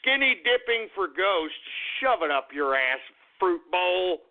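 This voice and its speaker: A fired-up male talk radio host who rambles and curses as he vents. His voice sits high and has a gravelly rasp. The lo-fi recording sounds thin and phone-like. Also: big pitch swings, a little slow. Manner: agitated, profane, rambling. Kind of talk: ranting call-in style talk radio. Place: Austin, Texas.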